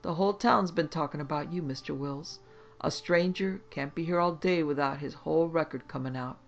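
A man voicing a gruff, suspicious small-town constable around forty who barks blunt questions in rustic grammar. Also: on the high side, normal speed, highs cut off, faint music behind. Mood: gruff questioning.

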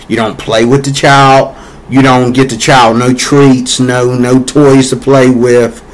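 A man from the United States rants on camera about politics. He rambles, circles back to the same points, and leans on "you know" and "um" as he grows heated. His voice sits at an ordinary middle pitch. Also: little pitch movement, takes it slowly, low-quality recording. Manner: rambling, repetitive, heated with frequent fillers. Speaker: vlogger. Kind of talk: political opinion rant.

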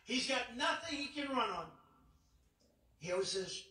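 A man's voice: very high-pitched, lively intonation, a little slow, sharp tone. Man giving a rally speech in an echoey arena. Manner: repetitive, emphatic, rambling asides. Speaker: political candidate. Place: large indoor arena. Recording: echoey arena, distant mic.

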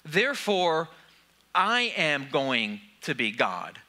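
A man's voice: fairly high pitch, sing-song, takes it slowly, pushed and bright. A man preaching a sermon to a church, talking conversationally and posing questions to the congregation. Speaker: pastor.

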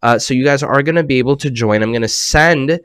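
A man hosting a children's program over a video call, talking animatedly and swinging between hushed and excited tones. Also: medium pitch, fairly quick, smooth, no room sound, studio quality.

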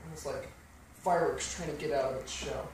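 A man's voice: fairly high pitch, steady tone, brisk. Man teaching piano in an echoey room. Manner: explanatory, counts beats aloud over playing. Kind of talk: piano lesson walkthrough. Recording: very echoey room, slightly distant mic, piano playing.

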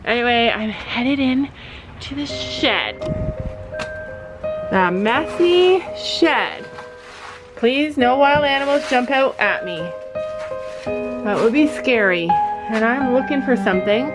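A woman's voice: on the high side, animated, slow pace, pauses often, music in the background, low-quality recording. A woman and mother of a family, chatting casually to her viewers into a handheld camera. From Canada. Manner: chatty, addresses viewers directly. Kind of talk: casual vlog talking to camera.

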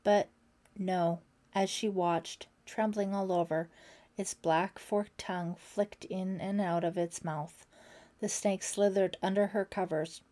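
A woman's voice: medium pitch, steady tone, takes it slowly, dark tone. A woman reading an audiobook aloud, voicing the characters and dropping to a whisper in tense passages. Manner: voices characters, drops to a whisper for tense moments. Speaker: audiobook narrator. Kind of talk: scripted narration.

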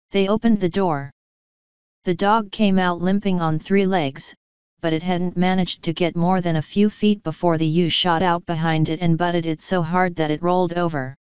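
Woman narrator, audiobook, clear voice on a dull lo-fi recording. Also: lowish voice, dry recording.

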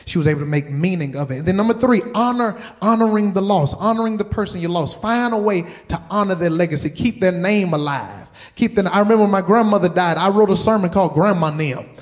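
A man with a high voice delivers a sermon as pastor. He hammers his points home by repeating words and keeps turning to the congregation with direct questions. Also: quick pace, few pauses. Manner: emphatic, repeats words for stress.

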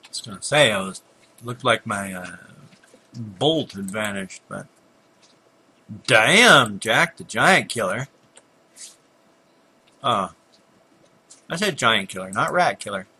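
Husky older man muttering over gameplay. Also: on the low side, animated, unhurried, long pauses, bright, forceful tone. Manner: chatty, muttering at enemies, frequent yawns and apologies. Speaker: gameplay commentator. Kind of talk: casual game commentary.

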